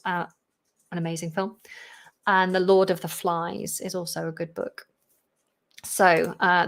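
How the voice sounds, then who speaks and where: A woman is teaching English on a live stream, reading out viewers' questions from the chat. She answers them in a loose, chatty way, with fillers and quick asides along the way. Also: medium pitch, a bit bright.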